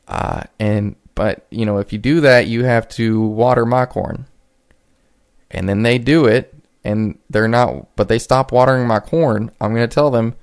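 A man's voice: medium pitch, slow, pauses often, clear, resonant tone. A man in his twenties hosting a solo podcast, talking casually and rambling with frequent restarts. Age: 20s. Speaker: podcast host.

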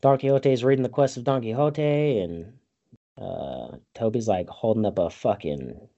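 A man's voice: fairly low pitch, a little slow, gravelly, warm tone, dull audio. A man casually recapping a movie, rambling and swearing, often breaking into laughter.

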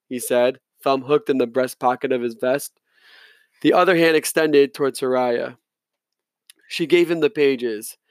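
A man's voice: medium pitch, a little slow, no echo. Man reading a novel aloud, dry sound. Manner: plain reading with occasional slips and restarts. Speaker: audiobook reader. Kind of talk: first-person novel narration.

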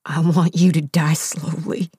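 A man voicing a cold, vengeful young woman warrior in a flat, merciless way. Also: fairly high pitch, measured pace, slightly rough, dry recording, clean studio sound, pitched above the performer's own voice, heavily acted.

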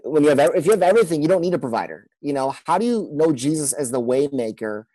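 A man, a pastor and guest on a podcast, telling a personal story in an earnest, halting way with many restarts. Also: a little high, lively intonation, mellow, no room sound, rough recording.

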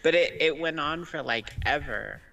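Man, casual chat, bright sharp voice, blunt, swears. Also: fairly high pitch, moderate pace, far from the mic. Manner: blunt, swears, tells stories.

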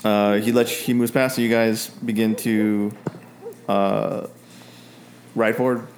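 Low-voiced man narrating a tabletop game. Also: flat delivery, slow, darkish tone. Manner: rambling narration with many fillers and restarts. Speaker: game master.

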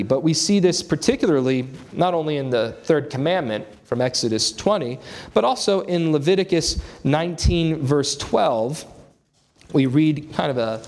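A man preaching an expository sermon, earnest and emphatic, his voice rising on key points. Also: a little high.

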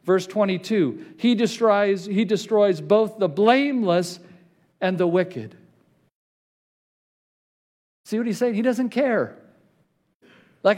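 High-voiced male pastor preaching. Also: a little mellow. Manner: reads scripture aloud with rising intensity, slows for emphasis. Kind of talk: sermon.

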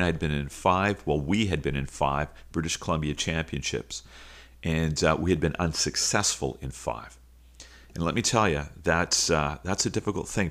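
A middle-aged man with a very low, deep voice tells a personal coaching story. He speaks earnestly and reflectively, pausing often on fillers and restarting his sentences. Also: fairly bright tone. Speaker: high school football coach and podcast host.

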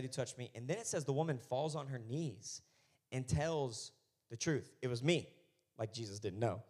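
A male pastor preaching a conversational sermon that builds into loud, fervent passages. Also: mid-range voice.

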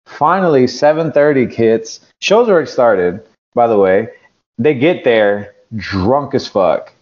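A man from California tells a wrestling story in a casual, swearing, rambling way, slipping into the voices of the people he quotes. His pitch sits in the middle range. The recording sounds dull and lo-fi. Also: expressive, unhurried. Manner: profane, rambling, acts out quotes. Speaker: podcast guest, pro wrestler.

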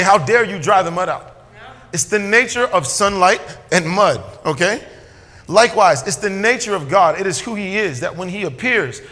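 A man preaching a sermon as a pastor, swinging between loud emphatic lines and quiet asides. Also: a little high, in a large hall.

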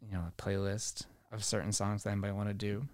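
A man's voice: lowish voice, level tone, a little fast, no room sound. A man hosting a podcast, talking in a loose, rambling, profane way at a podcast mic. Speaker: podcast host. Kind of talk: casual podcast chat.

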